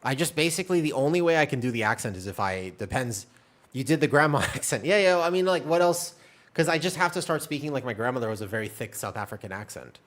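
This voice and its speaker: A man's voice: medium pitch, expressive, fast talker, fairly bright tone. A man streaming and chatting casually, answering his chat in a rambling, talkative way. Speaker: game streamer.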